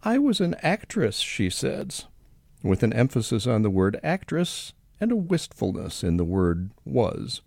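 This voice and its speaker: A man's voice: on the low side, unhurried, vocal fry, dry recording, studio quality. A retired man in his sixties, hosting a short scripted radio segment, telling wry everyday stories. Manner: wry storytelling with lively intonation.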